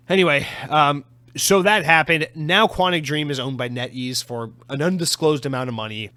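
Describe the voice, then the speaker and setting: A man's voice: mid-range voice, a bit bright, dry recording. A man hosting a solo gaming news podcast in a casual, sarcastic way, swearing freely. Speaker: podcast host.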